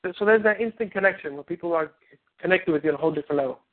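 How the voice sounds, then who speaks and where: A man coaching on a phone call, animated and rambling, acting out little scenes. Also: sits high, rapid-fire. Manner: animated, rambling, acts out quotes. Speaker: relationship coach. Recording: tinny phone line.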